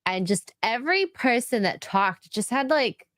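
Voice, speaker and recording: A woman's voice: on the high side, big pitch swings, unhurried, a bit bright, no echo, clean studio sound. A woman co-hosting a casual livestream chat, rambling on in a chatty way. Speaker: livestream co-host.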